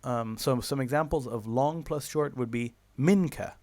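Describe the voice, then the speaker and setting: A man gives a recorded lesson in a mid-range voice, heard close and dry with no room echo. He explains step by step, filling pauses and correcting himself. He draws out each example word slowly. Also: medium pitch, a little mellow. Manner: explains step by step with many fillers and self-corrections; slows down to drawn-out example words. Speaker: teacher. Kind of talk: recorded online lecture.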